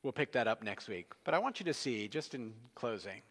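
Animated preacher in a reverberant hall. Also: male voice, mid-range voice, a little fast. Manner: conversational, storytelling, animated. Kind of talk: expository sermon.

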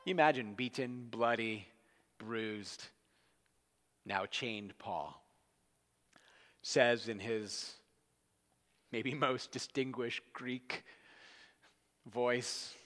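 A man's voice: medium pitch, extremely slow, long pauses, a bit bright, big-room sound. A man preaching an expository sermon in a conversational, storytelling manner.

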